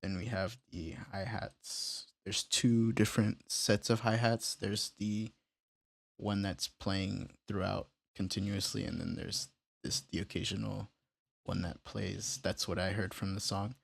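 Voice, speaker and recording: A man casually walking through how he built a beat, step by step, in a relaxed, plain way. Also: fairly low pitch, a little slow, gravelly, dry recording. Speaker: music producer tutorial host. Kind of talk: casual screen-recorded tutorial.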